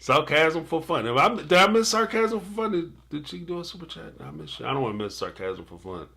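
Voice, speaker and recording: Bright, joking man hosting a live stream. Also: a little high, lively intonation, fairly quick, creaky. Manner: joking, laughs often, playful asides. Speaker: live-stream host reacting to a TV episode. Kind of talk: casual live-stream commentary, reading super chats.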